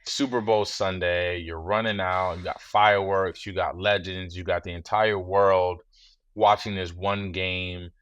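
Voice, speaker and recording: A man in his thirties talks as a guest in a relaxed interview. His low voice is measured and reflective, and he often drops in "you know." The recording is close and dry. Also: smooth, dry recording, dull audio. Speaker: guest, former football player.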